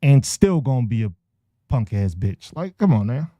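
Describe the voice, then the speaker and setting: A man's voice: medium pitch, sing-song, moderate pace, dark tone, no room sound. A man hosting a podcast, ranting casually with heavy profanity and frequent laughter. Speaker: podcast host.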